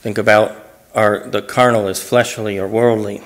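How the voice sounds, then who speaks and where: A man's voice: fairly low pitch, flat delivery, normal speed. A man, a pastor in church, teaching through a Bible passage verse by verse, reading each verse aloud and explaining it phrase by phrase in plain, conversational words.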